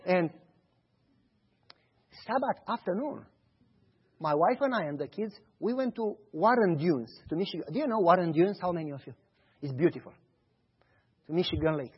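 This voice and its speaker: A man preaching a sermon, telling stories in an animated way and acting out the dialogue. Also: high-pitched, moderate pace, long pauses, breathy edge, dull audio. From Romania. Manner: animated storytelling, acts out dialogue.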